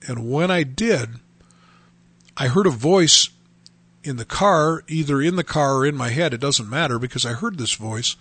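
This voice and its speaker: Earnest man giving a halting personal testimony. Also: mid-range voice, lively intonation, a bit bright, breathy edge. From North Dakota. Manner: halting, earnest storytelling with many restarts.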